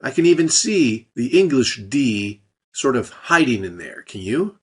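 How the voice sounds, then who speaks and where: A man's voice: medium pitch, very animated, measured pace, slightly rough. A man narrating a scripted language lesson, explaining step by step with light, dry jokes. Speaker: language teacher.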